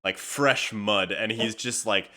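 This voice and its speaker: A man co-hosting a casual podcast, his voice sitting low but with a bright, forceful edge. He tells stories animatedly and laughs often. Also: steady tone, slow pace. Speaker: podcast co-host. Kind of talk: casual chat.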